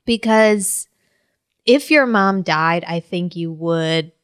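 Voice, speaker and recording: A woman with an unhurried, drawn-out delivery in a casual podcast chat. She teases her co-hosts and laughs easily. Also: lowish voice, clean tone. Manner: teasing, laughs often.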